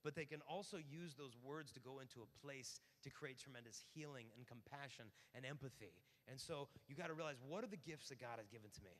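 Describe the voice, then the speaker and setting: A man in his thirties giving an animated talk at a youth conference, telling stories and acting out quick exchanges with lots of fillers. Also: medium pitch. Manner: storytelling with acted-out voices and many fillers. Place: large hall. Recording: hall reverb.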